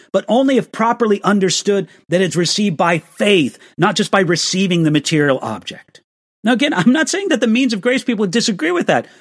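A man's voice: sits high, fairly bright tone, no echo, clean studio sound. A man answering viewer questions in an online live stream, earnest and restarting his sentences with small stammers.

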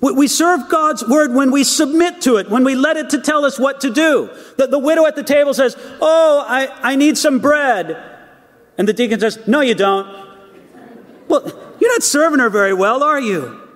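A man's voice: extremely high pitch, brisk, a bit bright, big-room sound. A man preaching a sermon, emphatic, asking rhetorical questions and repeating words as he builds his points.

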